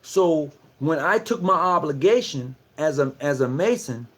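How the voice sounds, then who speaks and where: A man's voice: a little high, expressive, measured pace. A man giving a casual talk to fellow lodge members, repeating himself and asking rhetorical questions. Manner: conversational and preachy, repeats phrases, asks rhetorical questions. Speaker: lodge speaker addressing fellow Masons. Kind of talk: casual lecture, livestream talk.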